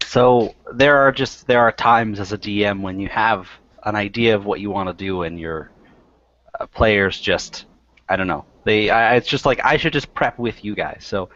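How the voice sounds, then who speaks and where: A man's voice: on the low side, normal speed, fairly bright tone, no echo. A man running a tabletop game as game master, rambling and interrupting himself as he sets up the next scene. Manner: rambling, self-interrupting, friendly asides. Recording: dry, muffled lo-fi recording.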